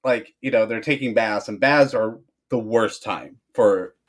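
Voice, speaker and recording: A man's voice: on the low side, a little slow. A man in his thirties co-hosting a podcast, rambling and laughing through a story about his kids. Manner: laughing, rambling parent anecdotes. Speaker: podcast co-host. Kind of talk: casual chat.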